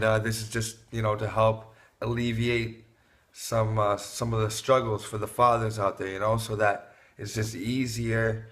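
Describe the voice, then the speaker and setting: A man talking casually to camera, giving fathers tips on putting a baby to sleep, with a relaxed, rambling manner and lots of fillers and restarts. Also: on the low side. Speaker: parenting vlogger. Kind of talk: casual advice talk to camera.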